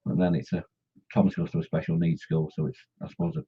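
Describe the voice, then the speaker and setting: A man's voice: low-pitched, sing-song, quick pace, gravelly, husky. A middle-aged man hosting a model-painting live stream, joking and teasing viewers as he reads the chat. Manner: jokey and teasing, chatty banter with viewers. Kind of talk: casual live-stream chat, reading out comments. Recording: dull lo-fi stream audio.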